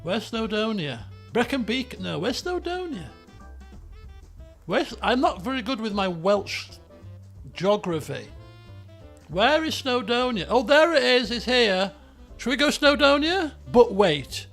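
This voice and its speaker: Male streamer, high bouncy voice, chatty commentary, faint music underneath. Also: sing-song, measured pace, vocal fry, fairly bright tone. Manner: chatty, thinks aloud, laughs often. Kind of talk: live-stream game commentary.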